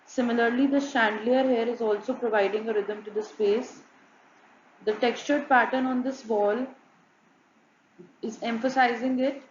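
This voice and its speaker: Woman, monotone student presenter, muffled echoey room recording with faint hum. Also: fairly high pitch. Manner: flat, repetitive listing of examples. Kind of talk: narrated slide presentation.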